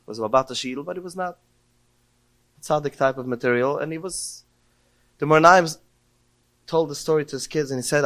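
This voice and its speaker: A man's voice: on the high side, fairly quick, long pauses, a bit bright. Man giving an emotional Torah talk. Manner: emotional storytelling, rising to cries when quoting prayers. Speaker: podcast speaker.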